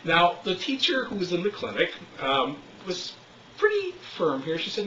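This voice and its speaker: Lively male storyteller in a roomy echo. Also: high-pitched, moderate pace, slight background noise. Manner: animated storyteller, acts out quotes. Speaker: smoking cessation clinic leader. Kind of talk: storytelling lecture. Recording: roomy, distant, slightly dull recording.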